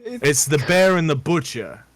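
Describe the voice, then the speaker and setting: A man's voice: fairly high pitch, expressive, unhurried, dry recording. A foul-mouthed, contemptuous tavern keeper, as a game master puts him on for a tabletop game. He snarls and swears at his customers. The sound is dry and close, with no room around it. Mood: angry scorn. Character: gruff hostile male tavern keeper.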